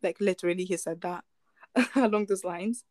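A woman's voice: fairly low pitch, moderate pace, darkish tone, dry recording. A woman casually retelling a true crime story, rambling with fillers, restarts and chuckling asides.

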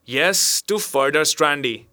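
A man's voice: a little high, lively intonation, unhurried, pushed and bright, no echo, clean studio sound. A man voicing a dreamy, moody young male clerk who speaks abstractedly and turns snappish.

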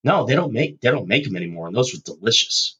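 A man bantering in profane improv comedy, loud and animated, with squeaky outbursts. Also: quick pace, breathy edge. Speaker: co-host.

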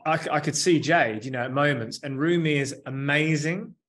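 A man's voice: a little high, normal speed, fairly bright tone. A man in his thirties, a therapist or coach, speaking candidly and reflectively in a conversational interview, often saying "like" and "you know".

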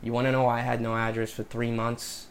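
Guy putting on biff, young new york guy from a play, attempted ny accent, halting, kinda self-conscious. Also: medium pitch, completely flat delivery, slight background noise, lightly acted. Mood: confessional.

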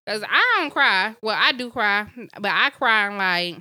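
A woman's voice: mid-range voice, unhurried, no room sound. A young woman co-hosting a podcast, telling candid stories in casual chat and acting out the quotes. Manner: candid, animated storytelling with acted-out quotes. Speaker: podcast co-host.

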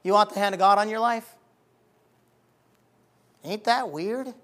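A male pastor preaching a sermon in a folksy, plain-spoken way, moving from quiet talk to loud, emphatic fervor. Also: high-pitched, measured pace. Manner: colloquial, plain-spoken phrasing.

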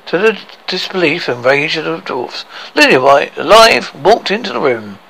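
Gravelly man telling a story. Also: a little high, big pitch swings, sharp tone, rough recording. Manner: halting, self-correcting. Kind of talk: improvised storytelling.

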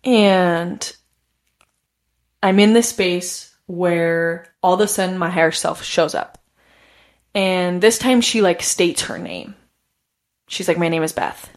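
A woman's voice: fairly low pitch, takes it slowly, pauses often. A woman telling a personal story in a casual, chatty way, filling her sentences with "like" and laughing often. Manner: chatty, heavy use of "like". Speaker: podcast host.

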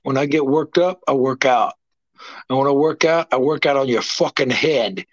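A man on a podcast call, cutting a profane trash-talk promo, swinging from shouts to low growls. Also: moderate pace. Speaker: guest fighter. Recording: dull lo-fi call audio.

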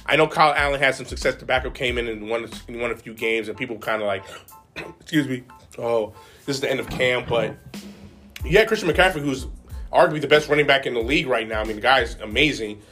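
Fast, bright-voiced excitable man. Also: mid-range voice, soft background music. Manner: emotional, rambling with restarts. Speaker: podcast co-host. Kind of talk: casual sports chat.

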